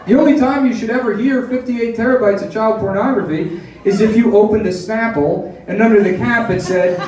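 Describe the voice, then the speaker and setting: A man's voice: high voice, moderate pace, very echoey, recorded from a distance, background noise. A man performing a crude, sarcastic stand-up set, riffing and mocking voices. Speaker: stand-up comedian.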